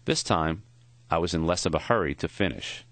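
A man narrating an audiobook in a measured, expressive reading, recorded on a close studio mic. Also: sits low, no room sound. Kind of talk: scripted narration.

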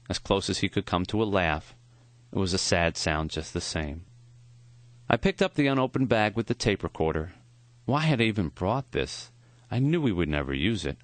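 A man quietly narrating a memoir audiobook in a measured, reflective way. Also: low voice, no room sound.

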